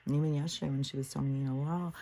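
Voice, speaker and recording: A woman's voice: rumbling low, level tone, very fast, creaky, warm tone, slight background noise, low-quality recording. An older woman hosting a casual monologue, ranting and swearing as she tells stories and quotes herself and others. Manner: profane, ranting storyteller. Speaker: host.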